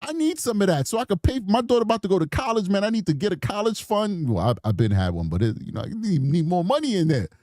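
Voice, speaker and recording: A man's voice: sits high, quick pace, hardly any pauses, no echo, studio quality. A man in his forties giving rambling, slangy reaction commentary on a true crime case. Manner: rambling, slangy, animated storytelling.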